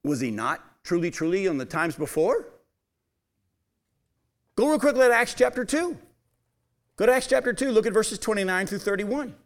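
A man's voice: high voice, big pitch swings, normal speed, pauses often. A man preaching a sermon, reading Bible passages aloud and putting emphatic questions to his listeners. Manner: emphatic, asks the audience questions.

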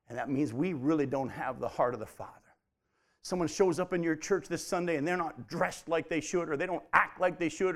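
A man delivers a sermon to his congregation in a voice that sits a little high for a man. He builds to loud, emphatic peaks and then drops to quiet, intimate near-whispers. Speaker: pastor.

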